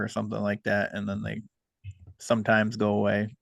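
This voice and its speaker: A man hosting a podcast, talking casually and hesitantly with many pauses. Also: lowish voice, monotone, gravelly, fairly bright tone, no echo. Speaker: podcast host.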